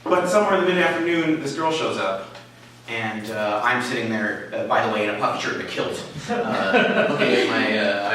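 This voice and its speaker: A man of middling pitch tells a comic story live before an audience, hesitant and full of fillers, with a wry, self-mocking manner. He sounds distant from the mic in a very echoey room. A faint hiss sits under the whole recording. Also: very animated, fairly bright tone. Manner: halting, full of fillers and restarts. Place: small live venue with an audience.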